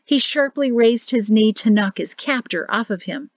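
A woman narrating an audiobook in a steady, measured reading. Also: on the high side, no room sound, muffled recording. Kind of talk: scripted narration.

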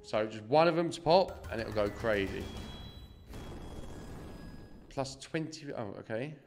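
A man's voice: medium pitch, animated, measured pace, gravelly, music in the background. A young man doing casual live-stream commentary, swearing freely and chatting to his viewers. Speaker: slot streamer.

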